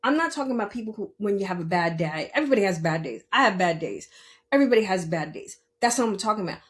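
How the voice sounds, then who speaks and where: A woman's voice: medium pitch, expressive, rapid-fire. A middle-aged woman hosting a podcast, talking earnestly and tearfully about parenting, often repeating herself and asking "you understand?". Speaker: podcast host. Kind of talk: emotional personal monologue.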